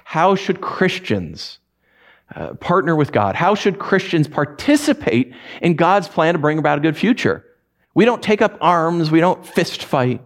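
A man preaches a livestreamed sermon in a fairly high voice that leaps and falls with wide, lively pitch. He talks to his listeners conversationally, restarting phrases and pushing some words up hard while letting others sink low and quiet. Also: a little slow. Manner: animated preacher, jumps to high emphatic peaks and drops to low quiet stresses. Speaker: pastor.

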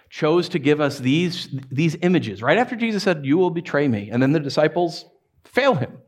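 Animated, joking preacher man. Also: fairly high pitch. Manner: animated, jokey storytelling with laughs. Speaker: pastor. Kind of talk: sermon.

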